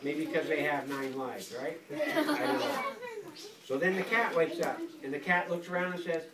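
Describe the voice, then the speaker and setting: An older grandfather reading a picture book aloud to a school class in a playful, animated way, stopping often to quiz the children. He is recorded from across an echoey classroom full of kids. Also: on the high side, moderate pace, far from the mic, crowd noise. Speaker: guest reader, grandfather.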